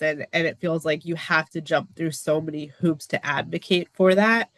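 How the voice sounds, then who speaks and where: Earnest, expressive woman guest. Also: normal speed, few pauses, dry recording. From United States. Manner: earnest, open and expressive, with frequent small laughs; acts out quoted remarks with lively pitch jumps. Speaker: podcast guest. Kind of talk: casual interview talk.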